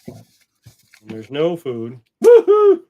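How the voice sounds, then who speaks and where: A man with an unhurried, drawn-out way of speaking, running a casual livestream. He jokes with viewers, swears now and then, and snaps short, firm commands at his pets. His voice sits at an average pitch, with a faint hiss in the background. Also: narrow, tinny audio. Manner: chatty and joking, with the odd swear. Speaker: coin-hunting livestream host. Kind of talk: casual chat while training his dogs.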